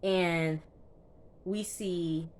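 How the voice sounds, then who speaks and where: A woman's voice: fairly low pitch, steady tone, darkish tone. Chatty slangy woman recapping a show. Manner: slangy, chatty retelling with quick asides. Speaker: TV show reviewer. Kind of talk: casual episode recap.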